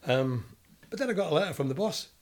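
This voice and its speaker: Older Scottish ex-footballer, lively storyteller who mimics the people he quotes. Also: fairly high pitch, fast. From Scotland. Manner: animated storyteller, acts out quoted voices. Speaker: guest, former footballer. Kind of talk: storytelling interview.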